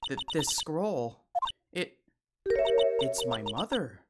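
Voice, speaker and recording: A cheerful teenage spirit medium from a video game teases her companion, as a woman reads her lines. The voice sits low but moves lively. Loud game music fills the background. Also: slow, heavily acted. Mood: earnest.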